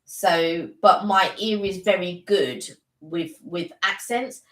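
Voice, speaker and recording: A woman's voice: lowish voice, a bit bright. Chatty woman co-hosting in an echoey room. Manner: chatty, thinks aloud while talking; switches into halting French at times. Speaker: co-host of a live stream. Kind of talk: casual live-stream chat.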